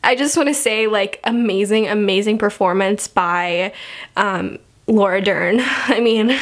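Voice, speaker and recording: A woman's voice: mid-range voice, unhurried. A young woman doing a casual film review vlog, emotional and close to tears, laughing between her words.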